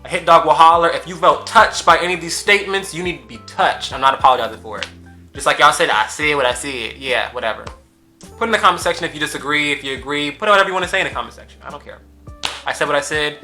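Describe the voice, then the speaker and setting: A man delivers a ranting commentary, emphatic and sassy, hammering the same rhetorical questions again and again. His voice sits fairly high and sounds very bright and cutting. His mouth is still a little swollen from wisdom teeth removal. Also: fast, faint music behind. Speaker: YouTube commentator. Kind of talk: ranting social media commentary.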